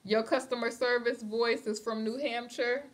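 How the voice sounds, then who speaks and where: A chatty woman with a somewhat high voice hosts a casual gossip livestream, talking straight to her viewers. She keeps calling them "honey" and reads their comments aloud as she goes. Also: fairly even intonation, moderate pace. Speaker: livestream host. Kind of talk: casual celebrity gossip chat. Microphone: phone or webcam on a live stream.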